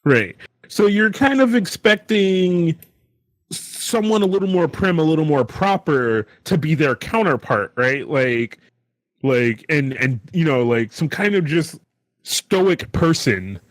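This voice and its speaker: A man's voice: fairly high pitch, animated, slow pace, dry recording. A man co-hosting a casual podcast chat, rambling and checking in with "right?" a lot. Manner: rambling, lots of fillers and "right?". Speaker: podcast co-host.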